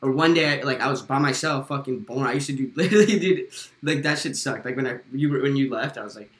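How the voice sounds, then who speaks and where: A man's voice: mid-range voice, fast talker, a bit bright. A young man in his twenties telling stories in casual chat with friends, slangy and swearing often. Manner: slangy, storytelling, swears a lot.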